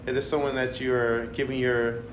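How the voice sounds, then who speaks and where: A man's voice: mid-range voice, little pitch movement, a little fast. A man interviewing a guest in a documentary, friendly and joking with frequent laughs. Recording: echoey room with background noise.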